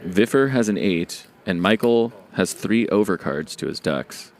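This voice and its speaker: Deep-voiced poker commentator. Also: male voice, lively intonation. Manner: brisk, explanatory. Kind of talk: play-by-play commentary.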